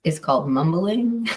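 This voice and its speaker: Low-voiced woman, hesitant streamer chat. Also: darkish tone, recorded from a distance. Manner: hesitant, many fillers and restarts. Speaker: true crime streamer. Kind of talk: casual livestream commentary.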